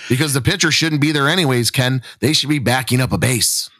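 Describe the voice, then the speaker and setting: A man's voice: mid-range voice, a little fast, sharp tone, no room sound, clean studio sound. A man, co-hosting a coaching podcast, speaking emphatically and pleading with coaches and parents. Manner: emphatic, pleading, laughs often. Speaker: podcast co-host, softball coach. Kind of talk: casual podcast chat.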